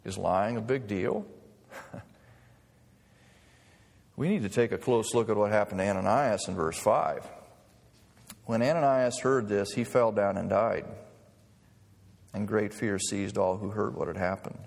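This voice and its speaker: A man's voice: on the low side, unhurried, gravelly, pauses often, darkish tone. A man preaching a sermon in a conversational way, mixing humor with scripture. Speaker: pastor. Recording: long reverb of a hall.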